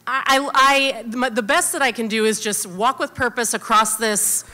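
An American woman telling a personal story live on stage, chatty and animated, with many fillers. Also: a little high, normal speed. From United States.

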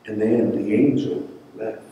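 A male pastor giving a sermon and reading scripture in a measured, deliberate way, sometimes repeating words. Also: lowish voice, fairly even intonation, warm tone, lo-fi sound, slight background noise. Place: church sanctuary. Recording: echoey church hall from far off.

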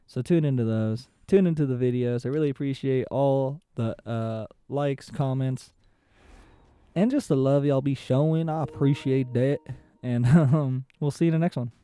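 A man giving excitable, casual commentary on his own gameplay, repeating short phrases and shouting in tense moments. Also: mid-range voice, moderate pace, smooth, dry recording. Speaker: gaming channel host.

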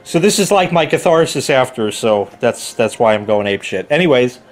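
A man's voice: mid-range voice, lively intonation, fairly quick. A man telling an angry, profane story about a neighbor in a heated rant and quoting people as he goes. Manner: heated, profane, quoting others in put-on voices. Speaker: car hobbyist vlogger.

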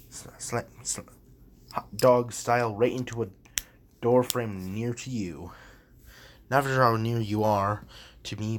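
A man's voice: medium pitch, slight background noise. A man rambling in a goofy, jokey way from his room while practicing on a language app. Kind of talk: casual rambling commentary.

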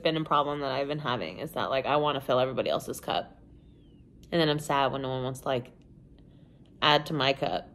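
A young woman from the United States talking casually to the camera in a vlog, candid and rambling, with lots of "like" and "you know". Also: extremely low pitch. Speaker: vlogger. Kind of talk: casual confessional chat to camera.

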